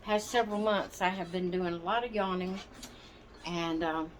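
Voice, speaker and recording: Her voice lowish and her tone steady, a woman talks with viewers of her doll channel from her home rocking chair. She speaks slowly and hesitantly, rambling, apologizing, and searching for the right words. Slight background noise is audible.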